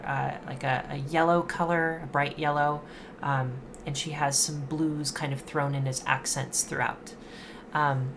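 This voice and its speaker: A woman game master narrates a tabletop game in a low voice at an unhurried pace. She often pauses and fills gaps with searching "ums" as she paints the scene. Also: fairly bright tone, slight background noise. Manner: halting, searching for words with many fillers.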